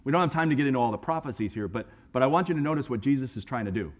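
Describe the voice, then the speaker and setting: A man preaching a sermon in a conversational, animated way, acting out voices and often repeating words as he starts a phrase. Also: medium pitch, racing. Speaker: pastor. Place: church sanctuary.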